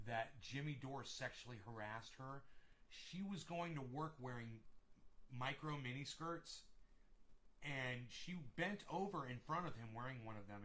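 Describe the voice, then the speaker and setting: A man's voice: a little high, sharp tone. A man vlogging in a casual solo rant, indignant and profane.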